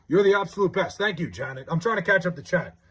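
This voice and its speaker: Excited husky young man streaming live. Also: high-pitched, fast. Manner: excited, stammering, overwhelmed. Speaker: livestream host. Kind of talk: casual livestream chat, reading chat aloud.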